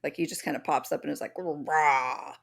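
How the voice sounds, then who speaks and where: A woman co-hosting a podcast, presenting the episode's topic in casual chat, animated and swearing freely. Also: low voice, very fast, vocal fry, breathy edge. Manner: animated, swears freely, acts out little voices.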